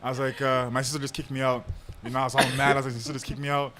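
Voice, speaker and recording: A man's voice: medium pitch, flat delivery, very fast, heavy background noise. A young man telling a long personal story on a podcast in a casual way, with lots of fillers and laughter. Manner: laid-back, laughs often, lots of fillers. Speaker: podcast host.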